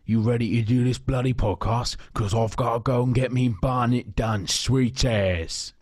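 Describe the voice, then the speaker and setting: A podcast host voicing a cheeky London geezer in a put-on Cockney accent, in a sponsor read. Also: male voice, mid-range voice, fairly even intonation, moderate pace, a little mellow, no room sound, clean studio sound, natural voice.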